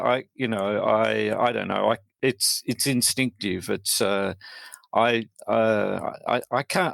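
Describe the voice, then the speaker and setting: A man's voice: fairly low pitch, creaky, fairly bright tone, dry recording. An Australian man, a poet guest, talking in a hesitant, wry way with many restarts in a casual interview.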